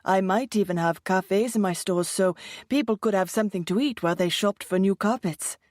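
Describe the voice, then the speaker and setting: A woman's voice: mid-range voice, normal speed, a little mellow, dry recording, studio quality, close to an everyday voice. A woman voicing an eager, reassuring young husband who talks with upbeat enthusiasm. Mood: enthusiastic.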